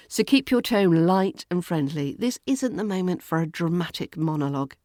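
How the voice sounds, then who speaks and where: A woman with a British RP accent hosting a podcast lesson, speaking lightly and clearly and acting out example phrases. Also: on the low side, lively intonation, normal speed, few pauses, a little mellow, no echo, clean studio sound. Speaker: accent coach and podcast host.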